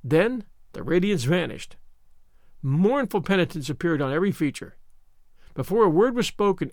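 A man narrates an old-fashioned storybook with expressive, measured delivery. His voice is high for a man and moves a lot. The recording is close and dry, with no room sound. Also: no echo. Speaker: audiobook narrator. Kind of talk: scripted narration of a classic novel.

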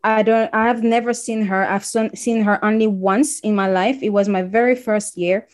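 A woman's voice: mid-range voice, normal speed. Woman from Congo telling a story. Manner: animated storyteller, acts out quoted voices. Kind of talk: casual conversation.

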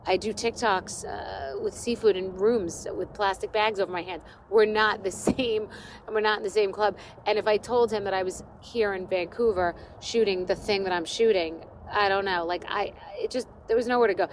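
A woman's voice: medium pitch, brisk, slight background noise. A middle-aged woman hosting a podcast, telling a story in a casual, self-mocking rant and acting out what people said. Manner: self-deprecating, animated storytelling with acted-out quotes. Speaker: podcast host.

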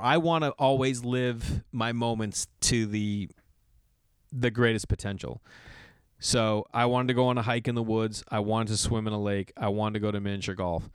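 A man hosting his own podcast in a casual solo monologue, telling animated stories, acting out what others said, and swearing now and then. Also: lowish voice, clear, resonant tone, no echo. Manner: animated storytelling, acts out quoted people, swears casually. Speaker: podcast host.

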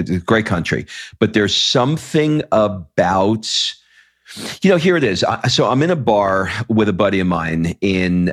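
A man hosting a podcast interview, telling stories casually with many restarts. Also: fairly low pitch. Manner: rambling storyteller, many restarts. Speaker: podcast host.

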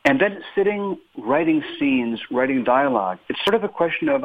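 A man speaks as a guest author on a radio show. His thinking-aloud delivery is animated and full of small self-corrections. He comes through a narrow, tinny phone line. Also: mid-range voice, moderate pace. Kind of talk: radio interview.

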